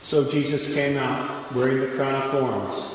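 A man reads scripture in a steady, measured voice of middle pitch. Long reverb from a large church hall trails each phrase, over a faint hiss. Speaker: lector. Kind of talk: liturgical gospel reading.

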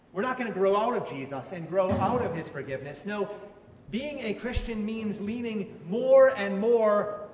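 A man's voice: sits high, a little hiss or hum. A man preaching a sermon in a conversational way, asking his listeners questions. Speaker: pastor. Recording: echoey hall, mic from far off.

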